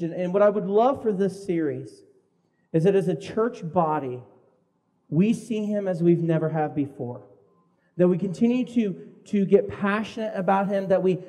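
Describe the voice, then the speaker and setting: Man, pastor preaching, high voice, mellow tone, earnest, stumbling restarts. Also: big-room sound. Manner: earnest, repeats words in restarts. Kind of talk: sermon.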